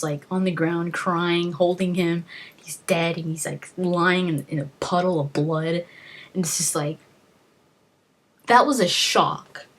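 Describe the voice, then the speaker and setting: A woman with a husky, breathy voice that sits fairly low for her sex. She tells a long story in a casual gaming vlog, emotional and rambling, with many fillers and restarts along the way. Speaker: gaming video host.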